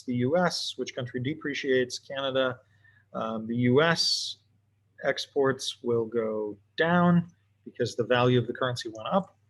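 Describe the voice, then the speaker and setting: A man teaching economics in a relaxed, offhand way, thinking aloud as he sketches graphs for an online class. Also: medium pitch. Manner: casual, talks to himself while drawing. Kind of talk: recorded lesson while sketching graphs.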